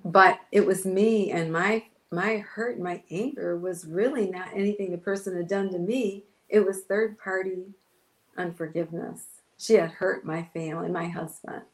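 A woman's voice: on the low side, steady tone, moderate pace, echoey room, low-quality recording. A woman pastor telling an emotional personal story in an interview, acting out her own past words. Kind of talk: testimony in an interview.

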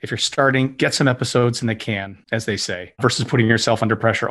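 A man's voice: mid-range voice, fast talker, few pauses, fairly bright tone. A man appearing as a guest on a podcast over a remote call, chatting casually and eagerly giving advice. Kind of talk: casual chat.

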